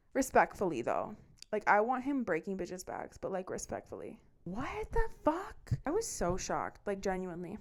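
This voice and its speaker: A young adult woman hosting a solo podcast, talking in a casual, animated way and swearing freely as she rants. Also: lowish voice. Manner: animated, swearing, rant-like storytelling. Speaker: podcast host.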